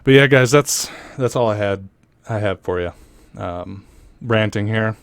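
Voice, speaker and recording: A man's voice: on the low side, unhurried, vocal fry, smooth, no echo. A man hosting political commentary, ranting in a heated, profane way. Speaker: commentary host.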